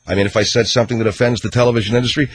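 A man hosting talk radio fires off opinionated, sarcastic rants in rapid-fire fashion with fairly even intonation. Still, he swings from loud outbursts to low mutters.

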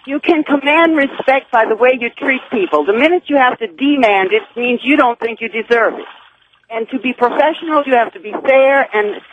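A woman's voice: sits high, moderate pace. A woman calling in to a radio show, indignant and lecturing, over a phone line. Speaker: caller. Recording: tinny phone line with noise.

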